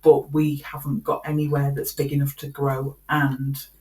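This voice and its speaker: A woman's voice: a bass voice, monotone, moderate pace, darkish tone. Chatty woman who laughs often. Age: middle-aged. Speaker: podcast co-host. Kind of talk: casual chat.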